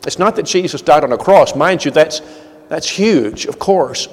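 A man preaching a sermon, earnest, repeating words as he goes, his delivery swinging between loud and soft. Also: fairly high pitch, lively intonation, normal speed, long reverb tail.

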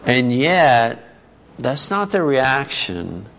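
A man's voice: medium pitch, very animated, drawn-out words, fairly bright tone. A man preaching a sermon in a conversational teaching manner, often asking the congregation questions.

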